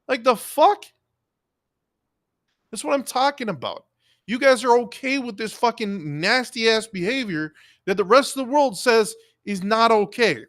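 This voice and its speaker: Male live streamer, higher register, dry close sound; heated, foul-mouthed, lecturing tone. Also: animated, a little slow, fairly bright tone, dry recording. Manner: heated, profane, scolding the audience. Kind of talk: angry live-stream commentary rant.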